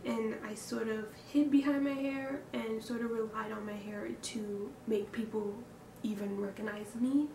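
A woman's voice: a little high, steady tone, moderate pace, few pauses. A young woman talking openly to camera in a personal vlog, reflective and hesitant, breathing hard from nerves. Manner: reflective and candid, with hesitant fillers and sighs. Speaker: vlogger. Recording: echoey room, distant mic, background noise.

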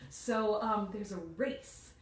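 A woman's voice: mid-range voice, slow, roomy sound, slight background noise, poor audio. A woman hosting a children's storytime, singing songs, reading poems and playing up sound effects. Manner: animated, sings and chants with sound effects.

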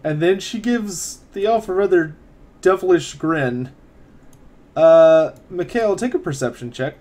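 Man, game master, tabletop narration, hesitant, slightly high pitch. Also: animated, unhurried, dark tone. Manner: hesitant, with many ums and laughs.

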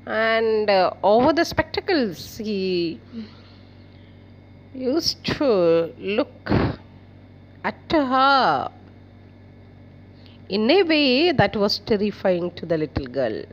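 Woman teacher, story explainer. Slow and expressive. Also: mid-range voice, lo-fi sound. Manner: paraphrases and defines words, with fillers.

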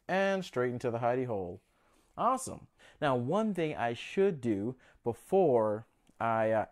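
A man's voice: fairly low pitch, vocal fry, a little mellow. A young man casually narrating a home vlog as he handles his pets, chatty and a little nervous. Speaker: pet keeper vlogger.

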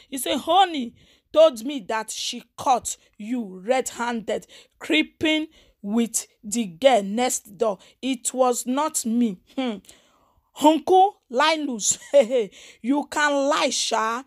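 A high-voiced Nigerian woman running a gossip show. She chats casually and mockingly, breaking into sing-song repeats as she retells the latest scandal. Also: slow pace. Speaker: gossip channel host. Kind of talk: casual celebrity gossip commentary.

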